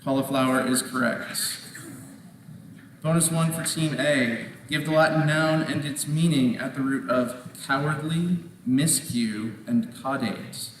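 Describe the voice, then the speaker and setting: A man moderating a quiz competition, reading questions aloud in a measured way, repeating them and ruling on each answer. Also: mid-range voice. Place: large indoor competition hall. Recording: echoey hall from far off, faint noise.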